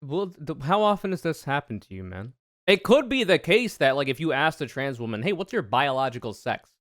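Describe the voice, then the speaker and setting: A man streaming casual reaction commentary, sarcastic and profane, ranting with animated energy. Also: fairly high pitch, fairly quick, dry recording, studio quality. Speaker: streamer reacting to debate clips.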